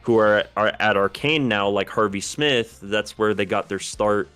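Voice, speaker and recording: A man co-hosting a podcast in casual chat, talking in a thoughtful, detailed way and pausing to search for names. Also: lowish voice, a bit bright, smooth, soft background music. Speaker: podcast co-host.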